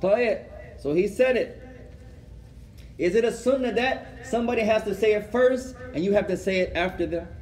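A man giving a religious lecture, telling a story lively and acting out conversations, often adding Arabic phrases and laughing as he goes. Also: high-pitched, normal speed. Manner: animated, acts out dialogue, code-switches with Arabic phrases; laughs while telling stories. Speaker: Islamic teacher.

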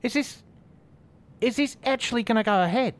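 An actor with an Australian accent playing a worried, earnest youth coach who talks from behind a mask in a comedic audio drama. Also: male voice, extremely high pitch, normal speed.

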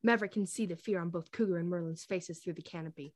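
A woman's voice: fairly low pitch, fast, a little mellow, no echo, studio quality. A woman co-hosting a podcast, reading fanfiction aloud in a casual way with laughing asides.

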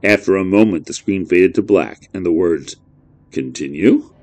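A man narrating a horror story in a measured, brooding way. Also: low voice, darkish tone, no echo, soft background music.

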